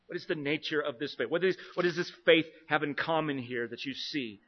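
An earnest male preacher working through a text verse by verse, his fairly high voice pushing up for emphasis and then sinking low and quiet. The recording is dull and lo-fi. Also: fairly quick. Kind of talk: expository sermon. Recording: dull lo-fi sound.

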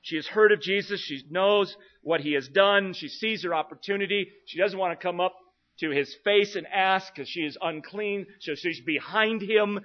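An earnest male preacher working through a text verse by verse, his fairly high voice pushing up for emphasis and then sinking low and quiet. The recording is dull and lo-fi. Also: moderate pace. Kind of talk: expository sermon. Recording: dull lo-fi sound.

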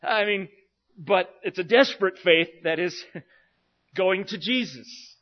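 An earnest male preacher working through a text verse by verse, his fairly high voice pushing up for emphasis and then sinking low and quiet. The recording is dull and lo-fi. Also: slow. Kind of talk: expository sermon. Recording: dull lo-fi sound.

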